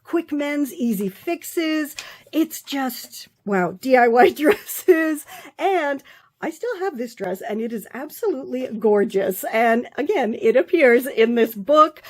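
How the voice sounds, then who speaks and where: A woman's voice: high-pitched, expressive, takes it slowly. A woman vlogger and craft author showing her work in a casual show-and-tell, effusive and openly proud.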